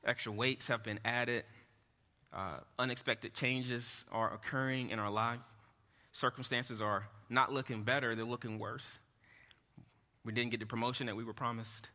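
A man preaching a sermon to his congregation in an earnest, halting way, often restarting and turning to the room with asides. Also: mid-range voice, steady tone, bright, forceful tone. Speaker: pastor. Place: church hall. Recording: echoey hall.

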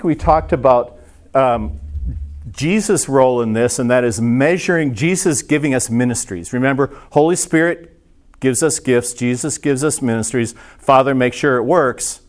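A man's voice: medium pitch, animated, normal speed. A man teaching a church class in a casual, conversational sermon style, self-deprecating, with many fillers and restarts.

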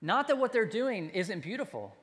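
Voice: medium pitch, very animated, moderate pace, a bit bright, in a large hall. A pastor preaching a sermon in a conversational, self-deprecating storytelling manner.

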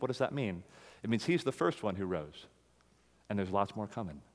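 A man preaching a sermon to a congregation, emphatic, rising louder on key phrases and dropping low after them. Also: big pitch swings, moderate pace, big-room sound.

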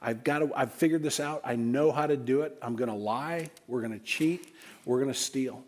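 A man's voice: a little high, fast, darkish tone, slightly rough. A preacher voicing a scheming queen who mocks her husband in a falsely innocent tone. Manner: mock-innocent, needling. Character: scheming queen, sly and mocking.

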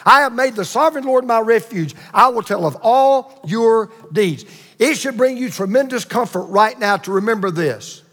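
A man preaching a sermon with emphatic repetition and dramatic pauses. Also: extremely high pitch, expressive, a bit bright, long reverb tail. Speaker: pastor.

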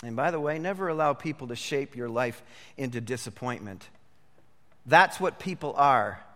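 A man's voice: medium pitch, animated, normal speed, a bit bright. A man preaching a sermon as a pastor, emphatic and repeating his points for emphasis. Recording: long hall reverb.

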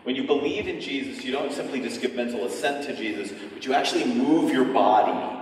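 A man's voice: mid-range voice, far from the mic, a little hiss or hum. Man preaching in an echoey hall. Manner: relaxed joking, then slow emphatic repetition. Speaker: speaker at a teaching session. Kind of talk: sermon. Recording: echoey hall, speaker away from mic.

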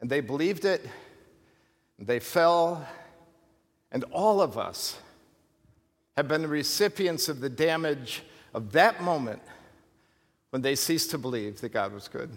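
A male pastor preaching an animated, emphatic sermon with rhetorical questions and humorous asides. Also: fairly high pitch, a little slow, pauses often. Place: church sanctuary. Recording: long hall reverb from a church.

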